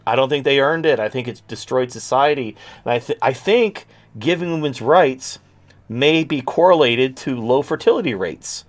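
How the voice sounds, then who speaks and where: A man hosting a livestream who rants at length, swearing freely and laying the sarcasm on thick. His voice sits at an ordinary middle pitch, and his talk rambles, full of restarts. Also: lively intonation, moderate pace. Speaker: show host. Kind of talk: livestream rant.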